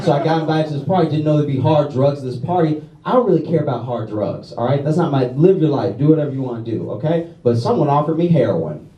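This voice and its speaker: A man from Louisiana doing a stand-up set, self-deprecating, tagging lines with quick "all right?" and "okay?" asides. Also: fairly high pitch, expressive, distant mic, dull audio, slight background noise. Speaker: stand-up comedian. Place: comedy club stage with a live audience. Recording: roomy venue audio with crowd laughter.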